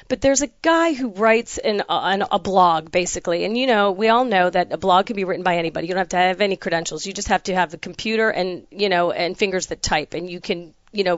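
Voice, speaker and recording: A woman hosting a casual conversation, telling a story with lively quoted dialogue. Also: mid-range voice, dry recording, dull audio.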